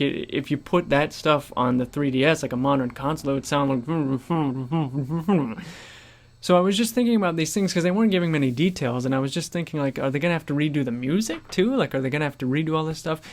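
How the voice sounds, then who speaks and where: A gaming vlogger ranting at home in disbelief, swearing often and breaking into laughter, recorded on a USB condenser mic without a pop filter. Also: mid-range voice. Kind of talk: home commentary rant.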